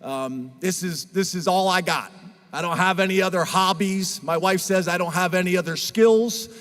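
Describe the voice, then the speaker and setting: A middle-aged head football coach gives an earnest, emotional press conference speech. His voice sits high, and it rings out with a long reverb in the room. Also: moderate pace, fairly bright tone. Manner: emotional, earnest, choked up at times.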